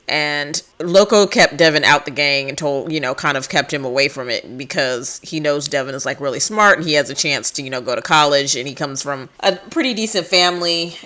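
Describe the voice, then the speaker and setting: A woman's voice: low-pitched, sharp tone. A woman hosting a life-sim game let's-play, narrating casually in a chatty way. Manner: chatty, laughs often.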